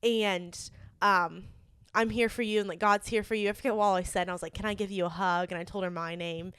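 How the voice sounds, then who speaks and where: Young woman, podcast co-host, chatty and earnest, mid-pitched, dry close sound. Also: steady tone, quick pace, fairly bright tone, clean tone, no room sound. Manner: chatty, many "like" fillers, earnest. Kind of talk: casual storytelling chat.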